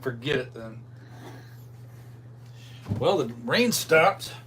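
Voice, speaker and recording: A man's voice: medium pitch, expressive, drawn-out words, a bit bright, slight background noise. A man chatting casually in a home kitchen with brief, laid-back remarks. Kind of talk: casual chat. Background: cutlery and dishes.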